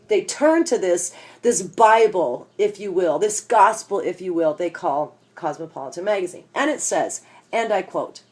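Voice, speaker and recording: A woman's voice: medium pitch, darkish tone. A woman delivering a comedic rant straight to her viewers, in a sarcastic and exasperated tone. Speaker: vlogger ranting to camera.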